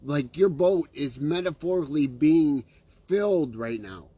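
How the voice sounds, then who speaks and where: A man's voice: on the high side, animated, a little slow, mellow, breathy edge, no echo. A man preaching a sermon in an earnest way, often checking in with listeners and restarting his phrases. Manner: earnest, checks in with listeners with frequent "okay?" and "right?".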